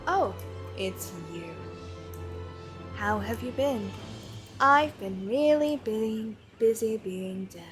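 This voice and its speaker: A woman putting on the voice of a cold female computer AI, flat and computerized, slow and deadpan, over faint music. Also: on the high side. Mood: deadpan menace.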